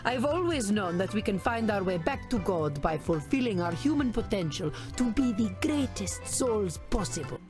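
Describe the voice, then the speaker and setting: Actress as an imperious Italian-accented vampire noblewoman, scornful and formal, lively pitch, music under. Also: moderate pace, hardly any pauses, natural voice. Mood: haughty. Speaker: therapy patient. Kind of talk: video game voice acting.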